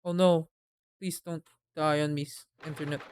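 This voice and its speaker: A woman streaming a game, making quiet muttered asides between the lines she reads. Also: deep voice, fairly even intonation, normal speed, a little hiss or hum. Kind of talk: casual game commentary.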